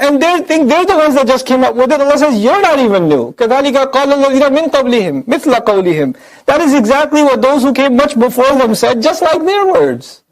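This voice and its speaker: Man, quick religious lecture, conversational, rhetorical questions, high voice. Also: rough recording. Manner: animated, fires off rhetorical questions; conversational, addresses the audience directly. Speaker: Quran teacher.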